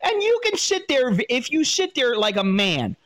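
Guy reading out a listener letter then ranting back, swears a lot, high voice. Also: normal speed. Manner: blunt, profane, animated ranting. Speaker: advice show host reading a listener's letter. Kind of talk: casual advice commentary.

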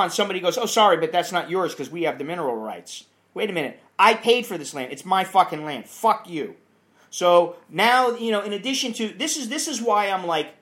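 A man with a notably high voice rants in a casual monologue. He is blunt and profane, swearing freely with no filter. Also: fairly bright tone. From United States.

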